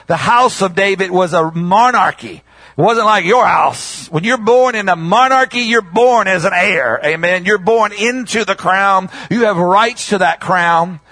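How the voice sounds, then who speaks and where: A man preaching a sermon in call-and-response style. He rises to shouts on key words, drags out quoted scripture and stumbles over repeated words. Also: high voice, measured pace, no echo.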